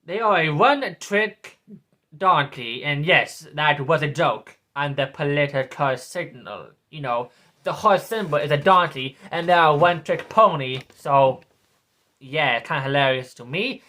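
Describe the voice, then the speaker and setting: A man in his twenties rants about politics as a vlogger, sneering and repeating himself. His voice is fairly high and expressive, with a sharp tone and a slightly slow pace.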